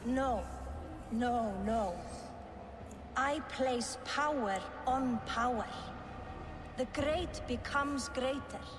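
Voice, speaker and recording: A fanatical game villain speaks in a high, unhurried voice, each word laid down slowly and solemnly. It rings with long reverb, under a clear wash of background noise. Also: female voice. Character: cold, zealous woman cult leader in a game.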